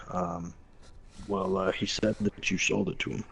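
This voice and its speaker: A man's voice: deep voice, level tone, normal speed, gravelly, a little hiss or hum, low-quality recording. A young man, a former Marine, casually telling a profane, blunt story and quoting people along the way.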